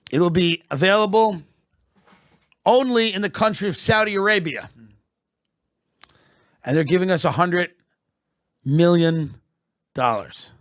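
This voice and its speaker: A man with a fairly high voice delivers a slow, deadpan comedic rant. His tone is sardonic throughout. The sound is dry and close, from a studio microphone. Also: no room sound. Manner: sardonic, deadpan, with bursts of laughter. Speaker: podcast host.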